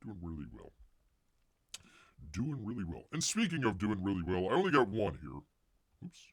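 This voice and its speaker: A man's voice: fairly low pitch, wildly swooping pitch, moderate pace, a bit bright, no room sound, studio quality. A man hosting a casual live stream, rambling and joking, muttering asides and calling himself Bear. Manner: rambling, jokey, calls himself Bear in the third person; mutters asides under his breath. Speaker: host of a comics news live stream.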